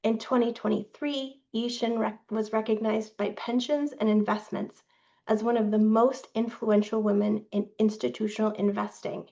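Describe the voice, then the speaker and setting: A woman staff presenter reading a prepared update in a formal, measured way, with small slips. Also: fairly high pitch, steady tone, gravelly, mellow. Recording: dull lo-fi sound.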